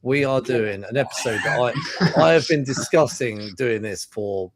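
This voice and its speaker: A man with a London accent hosting a casual film podcast, chatty and quick to laugh, with plenty of fillers and restarts. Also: mid-range voice, a crowd in the background. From England. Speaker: podcast host.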